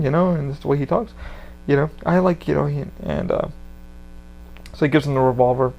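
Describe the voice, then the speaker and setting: A man's voice: fairly high pitch, a little fast, gravelly, pauses often, darkish tone, highs cut off, a little hiss or hum. A man hosting a podcast, talking in a rambling, casual way with lots of swearing and fillers. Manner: rambling, profane, full of fillers. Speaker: podcast host.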